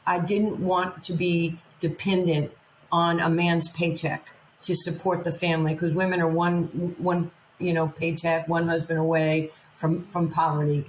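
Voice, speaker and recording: A woman's voice: lowish voice, a little hiss or hum. A woman from Queens, New York, a guest telling her life story candidly and acting out the lines people said to her. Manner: vivid storyteller, acts out quoted lines. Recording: roomy echo.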